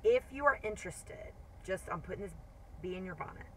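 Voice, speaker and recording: A woman's voice: medium pitch, expressive, brisk, a little hiss or hum. A woman co-hosting a livestream in casual, chatty talk that is full of "like". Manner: chatty, heavy use of "like". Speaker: livestream co-host. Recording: voice a bit far from the mic.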